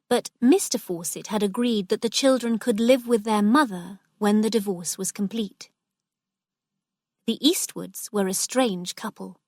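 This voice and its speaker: A woman narrating a story for English learners, reading clearly and carefully. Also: mid-range voice, no echo, clean studio sound. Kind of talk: slow scripted story narration.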